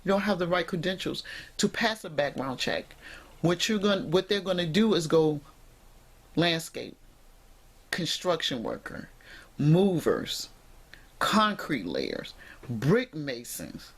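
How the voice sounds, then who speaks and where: A woman's voice: low-pitched, sing-song, slow pace, pauses often, slightly rough. A woman vlogger talking straight to camera in an emphatic, preachy way, speaking directly to her viewers from indoors at home on the camera mic.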